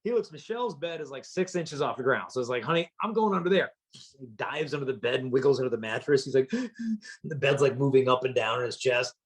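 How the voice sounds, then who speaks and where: A man's voice: mid-range voice, fairly quick, slightly rough. A man giving a storytelling talk to teenagers, punchy and humorous, acting out the people in his stories. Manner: lively storyteller acting out quotes; punchy, humorous delivery to teens. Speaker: chastity speaker.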